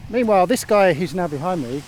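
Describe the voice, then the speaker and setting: A man's voice: high-pitched, expressive, brisk, a little mellow, slight background noise. A man hosting a sailing vlog, chatting cheerfully and rambling to camera outdoors. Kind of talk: casual vlog narration to camera. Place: outdoors at an anchorage.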